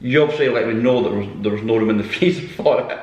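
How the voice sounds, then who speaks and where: A man's voice: medium pitch, racing, darkish tone. Chatty man in a roomy echo. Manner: chatty, teasing, lots of restarts. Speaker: podcast co-host. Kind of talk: casual chat. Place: room at home.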